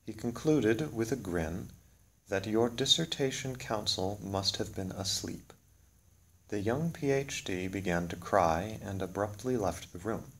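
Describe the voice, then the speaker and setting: A man narrating a scripted literary story in a measured, solemn way. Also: fairly low pitch, fairly bright tone.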